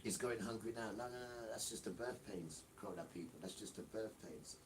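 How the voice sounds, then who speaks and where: Male livestream host, low voice, scolding and emphatic, noisy room tone. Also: a little fast. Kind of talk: ranting commentary over played clips.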